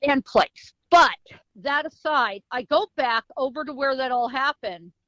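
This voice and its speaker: A woman with a high voice tells a story in a guest interview, acting out sounds and voices. The recording is dry and a bit dull. Her telling is lively and full of drama. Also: a little slow, no echo. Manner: vivid storytelling with sound effects and acted quotes. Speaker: guest, psychic medium and author.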